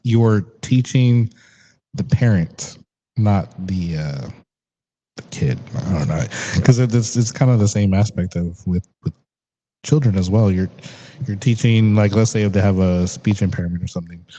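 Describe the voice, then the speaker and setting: Young man, casual host, rambling and laughing, mellow low voice, dull lo-fi sound. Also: moderate pace. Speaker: podcast host. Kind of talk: casual interview chat.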